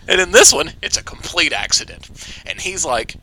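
A young man in casual, excited conversation, swearing freely and acting out character lines in quick voices. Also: fairly high pitch, a little hiss or hum, rough recording. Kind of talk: casual anime discussion.

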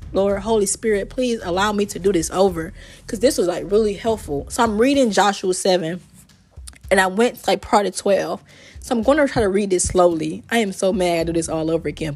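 A woman hosting a home podcast from her bedroom, giving a chatty, earnest Bible study and reading passages aloud. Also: mid-range voice. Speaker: podcast host. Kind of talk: casual Bible study talk.

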